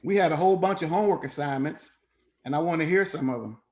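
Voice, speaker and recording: Animated, profane man leading a class. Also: a little high, fast talker. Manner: animated and profane, acting out quotes in other voices. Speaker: parenting class leader. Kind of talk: informal coaching talk.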